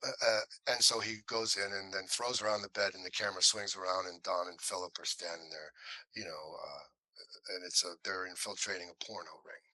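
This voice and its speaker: A man's voice: low voice, brisk, no room sound, low-quality recording. An older male actor as interview guest, telling anecdotes casually and acting out the lines of people in them. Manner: animated anecdote teller, acts out quoted lines.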